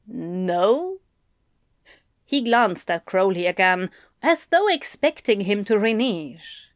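Slow, dry-voiced woman narrator. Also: mid-range voice, sing-song, dry recording. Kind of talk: audiobook narration.

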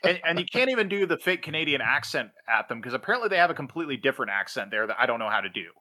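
Bright-voiced rambling male podcast host. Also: mid-range voice, sing-song, rapid-fire. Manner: rambling, laughs mid-sentence, many fillers. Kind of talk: casual storytelling chat.

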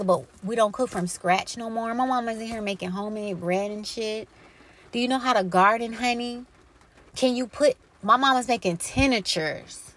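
Woman doing her own podcast, cussing a lot, preachy and fired up, keeps throwing questions at you, mid pitch. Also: fairly bright tone. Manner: blunt, profane and preachy, with emphatic rhetorical questions. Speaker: podcast host. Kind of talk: impassioned solo podcast monologue.

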